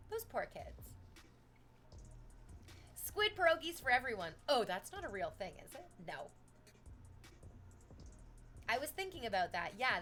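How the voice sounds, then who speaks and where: Chatty young woman streamer. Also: medium pitch. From Canada. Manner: chatty, swears freely, animated storytelling. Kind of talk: casual chat with live chat.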